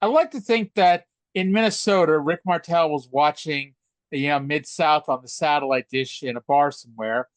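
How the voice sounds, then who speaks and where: A man's voice: fairly high pitch, normal speed, dry recording. A man co-hosting a podcast, joking and rambling in casual chat. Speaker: podcast co-host.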